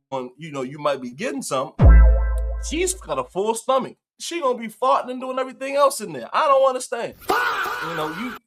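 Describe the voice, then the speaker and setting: A man's voice: high voice, a bit bright. A male host telling a story in casual commentary, acting out the quotes and laughing often.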